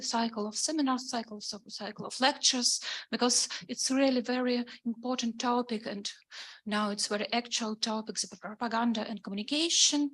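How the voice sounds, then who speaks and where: Russian-accented woman lecturing, halting. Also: on the high side. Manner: halting, repeats words, soft asides. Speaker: guest lecturer. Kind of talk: academic talk.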